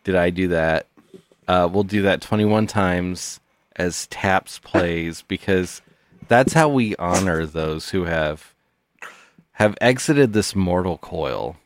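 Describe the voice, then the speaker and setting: A man co-hosting a comedy podcast, joking with mock solemnity in a deadpan manner. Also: low-pitched, slow pace, dry recording. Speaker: podcast co-host. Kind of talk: casual comedic chat.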